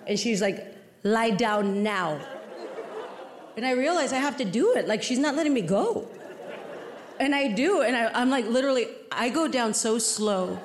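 A woman's voice: fairly high pitch, lively intonation, normal speed, slight background noise. A woman performing a stand-up comedy set, telling a story with acted-out dialogue and plenty of profanity. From Mexican heritage. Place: large venue before a live audience. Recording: roomy live venue with loud crowd. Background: laughing audience.

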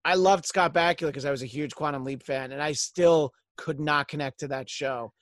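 A man's voice: fairly high pitch, moderate pace, a bit bright, no room sound, studio quality. A man hosting a casual chat, rambling with lots of ums and restarts. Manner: rambling, hesitant with many fillers. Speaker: host.

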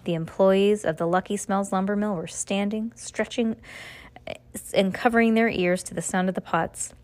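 A woman reading a children's book aloud in a casual way, stumbling on hard words and correcting herself. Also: medium pitch. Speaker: reader.

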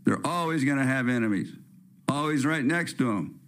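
A man's voice: medium pitch, expressive, moderate pace, fairly bright tone. A man from California hosting a talk-radio show, delivering a blunt, rambling, opinionated rant. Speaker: host. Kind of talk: ranting talk-radio monologue.

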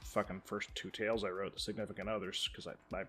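A man co-hosting a podcast in casual chat, joking wryly, swearing now and then and trailing off quietly. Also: deep voice, level tone, quick pace, music in the background. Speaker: podcast co-host.

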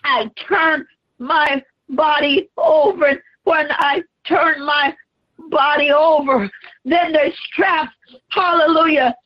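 Brief: a woman preaching as Jesus, a suffering man crying out under the cross, very high voice, slow and drawn out, dull recording. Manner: pleading, anguished, crying out. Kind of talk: dramatic sermon portrayal.

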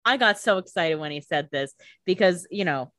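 A woman's voice: on the low side, animated, normal speed, a bit bright, no room sound, studio quality. A woman co-hosting a casual podcast, giving playful, slangy fan reactions to a TV episode. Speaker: podcast co-host.

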